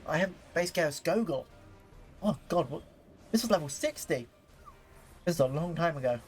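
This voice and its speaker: A young man casually commenting while playing a game on stream, rambling and excitable, with lots of fillers and restarts. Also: a little high, moderate pace, soft background music.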